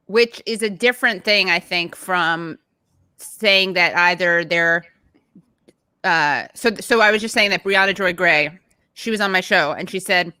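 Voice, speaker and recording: A woman's voice: fairly low pitch, sharp tone, clear, resonant tone, no room sound. A woman hosting a political show over a video call, speaking in a hesitant, searching way. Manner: hesitant, many fillers and restarts. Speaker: podcast host. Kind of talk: casual political chat.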